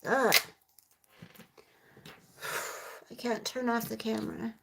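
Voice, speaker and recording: Speaking slowly in a slightly high, creaky voice with a level tone, this woman in her forties rambles through a casual livestream. She's a mom vlogger who answers comments and talks straight to her viewers, calling them "you guys," over heavy background noise.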